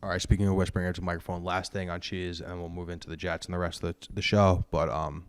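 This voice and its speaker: A man's voice: sits low, flat delivery, fast, clear, resonant tone. A young man hosting a podcast, chatting loosely and jokily about sports into a microphone at home. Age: young adult. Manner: loose, rambling, jokey. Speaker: podcast host. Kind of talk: casual sports chat. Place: room at home. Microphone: studio microphone.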